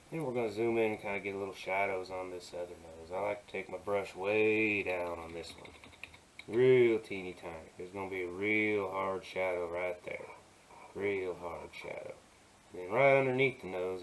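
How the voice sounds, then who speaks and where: Soft-spoken man narrating a painting tutorial. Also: low voice, poor audio. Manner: soft, gentle and easygoing, often dropping to a murmur; playful asides while working. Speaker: digital artist.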